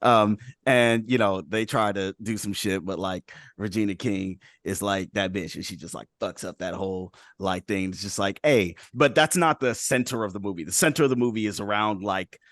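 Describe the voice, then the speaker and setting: Guy hosting a group call, kinda low voice, super dry sound, rambles with like and right every other word. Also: normal speed, few pauses, a bit bright, no echo. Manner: loose, rambling, heavy on "like" and "right?". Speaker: show host. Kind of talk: casual group chat on a call.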